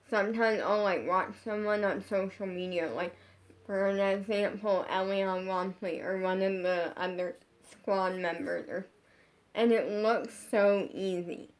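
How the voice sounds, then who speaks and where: A woman talks straight to her followers in a casual storytime vlog from her bedroom. Her sentences wander and restart, padded with 'like' at every turn, at an ordinary mid pitch. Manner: rambling, heavy use of 'like', frequent restarts. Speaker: social media creator.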